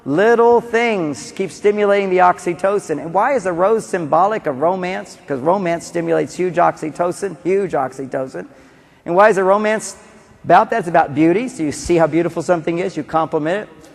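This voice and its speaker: A man giving a conference talk on relationships, animated, acting out quotes and repeating key phrases. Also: high voice, brisk, creaky. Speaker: relationship seminar speaker. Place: large conference hall. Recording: long reverb of a conference hall.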